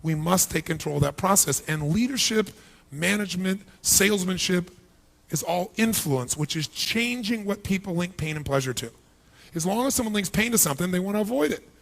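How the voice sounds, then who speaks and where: A man with a raised, gravelly voice works a packed hall as a motivational speaker. He fires question after question at the crowd and slips into the voices of their doubting thoughts, pushing hard to get answers back. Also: high-pitched, lively intonation, a little fast, fairly bright tone. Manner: rhetorical questions to a crowd, acts out inner voices. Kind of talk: live motivational seminar speech. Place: large hall with a live audience.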